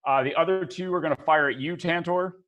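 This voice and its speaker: Guy with a fairly high voice running a tabletop game, laid back, lots of uhs while he works out rolls and rules. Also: fairly quick, lo-fi sound. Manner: relaxed, filler-heavy, thinks aloud. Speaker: game master.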